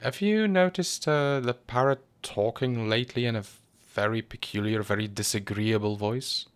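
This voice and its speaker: A man portrays an irritable, worked-up male professor during a storybook reading, his voice high, sharp and insistent yet clear and resonant. The acting is light and the pace moderate.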